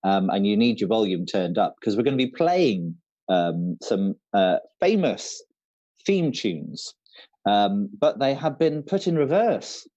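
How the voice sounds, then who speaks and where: A chatty male quiz host who fills his sentences with ums and uhs. His tone is mellow and his pitch moves a lot. The recording sounds muffled and lo-fi. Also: lively intonation, a little slow, no room sound. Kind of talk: casual online quiz hosting.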